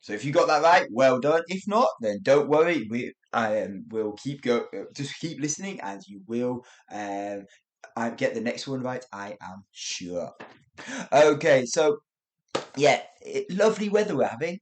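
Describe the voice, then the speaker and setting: A man's voice: mid-range voice, measured pace. A man presenting a podcast language lesson, acting out examples of tone and chuckling often. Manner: lively, demonstrates tones with acted examples, chuckles often. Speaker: English teacher podcaster.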